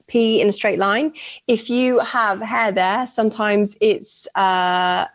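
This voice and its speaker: A young woman co-hosting a casual radio dating show, chatty and giggly, reading a listener's story aloud. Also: medium pitch.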